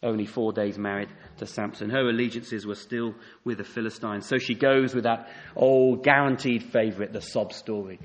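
A man's voice: lowish voice, fairly even intonation, normal speed, few pauses, muffled recording. A middle-aged man preaching a sermon, telling the story vividly and asking rhetorical questions.

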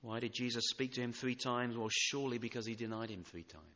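A man preaching a sermon in church, swinging from loud emphatic lines to hushed, tender ones. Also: medium pitch, fast talker, in a large hall. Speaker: pastor.

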